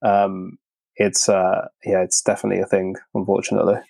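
A man's voice: deep voice, completely flat delivery, fairly quick, creaky, a little mellow, no echo. A man from Birmingham, England, with a Birmingham accent, chatting casually on a cooking show. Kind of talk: casual chat.

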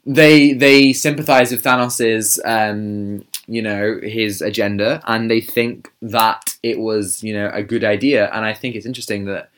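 A man's voice: fairly low pitch, fairly even intonation, a little slow, hardly any pauses, a bit bright. A man co-hosting a podcast in casual chat, explaining his views at length with some fillers. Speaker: podcast co-host.

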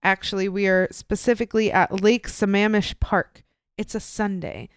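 A young woman co-hosting a podcast, telling a true-crime story in casual, animated chat, swearing freely and acting out the people in it. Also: mid-range voice, normal speed, clear, resonant tone, dry recording, clean studio sound. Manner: animated, profane, acts out quoted voices. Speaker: podcast co-host.

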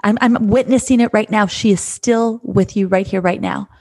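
A woman's earnest, gentle voice, speaking as a life coach in a reflective monologue. She circles back on her own phrases, repeating words as she thinks aloud. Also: medium pitch, fairly even intonation, normal speed.

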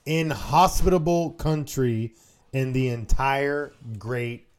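A man with a mid-range voice co-hosts a casual podcast. He talks slowly and lazily, reading notes aloud and dropping in joking, profane asides. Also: mid-range voice. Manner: laid-back, joking asides, swears. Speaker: podcast co-host.

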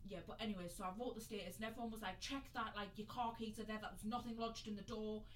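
A woman's voice: mid-range voice, fast, slight background noise, rough recording. A woman co-hosting a podcast, chatting casually and telling a story while acting out the quotes. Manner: chatty, animated, acts out quotes. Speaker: podcast co-host.

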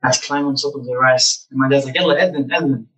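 A young man telling lively stories about his childhood as a guest in a casual interview. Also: mid-range voice, fast, recorded from a distance, low-quality recording. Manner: animated, acts out childhood memories.

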